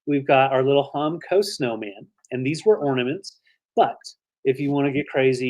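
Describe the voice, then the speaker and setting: A man co-hosting a live online vintage sale, chatty and rambling, showing items and thanking viewers. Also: medium pitch. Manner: chatty, rambling with fillers, emotional. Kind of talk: live online auction chat.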